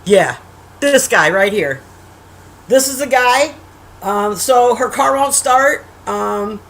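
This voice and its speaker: A woman casually recapping a movie for viewers in an animated, slangy, blunt way, full of fillers and exclamations, talking at a computer while sharing her screen. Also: fairly high pitch, rough recording. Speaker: movie reviewer. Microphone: screen-sharing at a computer, desk mic.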